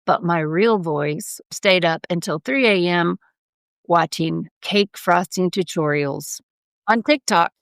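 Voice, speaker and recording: A woman co-hosting a casual podcast chat, her voice carrying a gravelly edge. She talks emphatically and breaks into laughter often, and the sound is close and dry with no room around it. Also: on the low side, takes it slowly, no echo. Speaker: podcast co-host.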